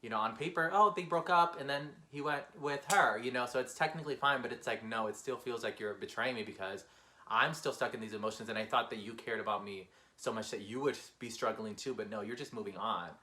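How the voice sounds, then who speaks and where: Man, music reaction host, casual, fast-talking, emotional, bright voice, mid pitch.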